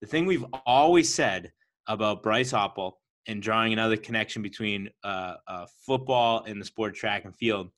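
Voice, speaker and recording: A man co-hosting a running podcast, building his case with lots of repetition and emphasis. His voice is on the low side, and he talks in an easygoing, conversational way. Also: normal speed. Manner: animated, repeats points for emphasis. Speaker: podcast co-host. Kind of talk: casual podcast chat.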